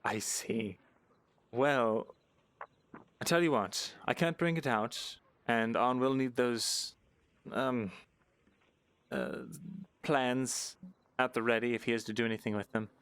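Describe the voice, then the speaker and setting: A man's voice: mid-range voice, slow, long pauses, a bit bright, smooth. A man voicing a cautious, rule-bound male scribe in a live fantasy roleplay, speaking with lots of hesitant fillers and dry understatement. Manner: hesitant, many ums and uhs, dry understatement. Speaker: roleplay player.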